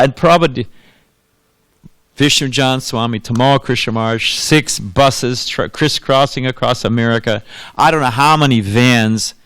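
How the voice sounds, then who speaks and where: With a medium-pitched, fairly bright voice and no room sound, a monk preaches a storytelling sermon in a temple. He recounts anecdotes, often breaks into laughter and puts questions to those listening.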